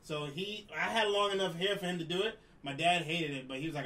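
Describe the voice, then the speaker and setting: A man from New Jersey co-hosting a podcast, telling stories in a lively, animated way and acting out the people he quotes. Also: on the high side, fast, hardly any pauses, a little hiss or hum. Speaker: podcast co-host. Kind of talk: casual chat, storytelling. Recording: roomy distant mic, faint ambience.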